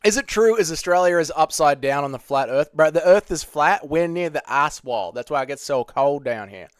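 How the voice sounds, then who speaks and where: A man's voice: a little high, animated, moderate pace, clean tone, no echo, clean studio sound. A man hosting a casual livestream, reading viewer questions aloud and joking through his answers from home. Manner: jokey, reads chat questions aloud and riffs on them. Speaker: livestream host answering chat.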